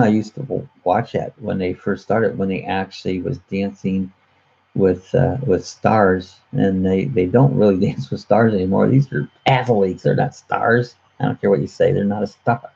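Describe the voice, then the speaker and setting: Here a live chat show host talks in a low, mellow voice that is slightly rough, with vocal fry. He chats casually on his own channel, rambling, chuckling, and restarting with plenty of "uh" fillers. The webcam mic on his computer leaves the highs cut off.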